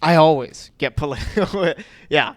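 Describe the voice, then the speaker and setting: A man's voice: on the high side, moderate pace, dry recording, studio quality. A man co-hosting a comedy podcast in casual chat, rambling with lots of fillers and repeated yeahs.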